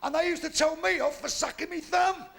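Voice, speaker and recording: An older man doing stand-up comedy, a loud, swearing storyteller. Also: very high-pitched, steady tone, brisk, creaky.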